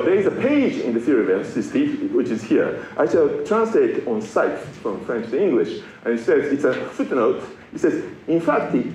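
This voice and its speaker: A man's voice: fairly low pitch, darkish tone, slight background noise. A middle-aged man from Japan giving a public science lecture, playful and self-mocking as he explains ideas to an audience. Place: lecture hall. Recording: roomy lecture hall with faint ambience.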